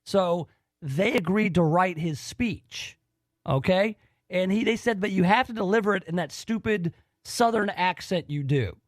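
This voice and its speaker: A man's voice: sits high, unhurried, no echo, studio quality. A man hosting a radio talk show, talking in an enthusiastic, rambling way. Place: radio studio.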